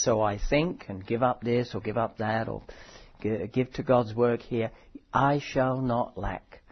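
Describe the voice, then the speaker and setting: A man preaching a sermon in a conversational, thoughtful way, often pausing and correcting himself. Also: mid-range voice, slightly rough, highs cut off. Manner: conversational, thoughtful, with frequent fillers and self-corrections.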